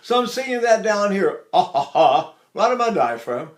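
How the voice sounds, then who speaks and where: Older man, voice teacher, fairly high voice, talks through technique, breaks into sung examples. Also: big pitch swings, fairly quick, echoey room. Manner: explains, then sings short phrases to show. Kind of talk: vocal lesson with sung demonstrations.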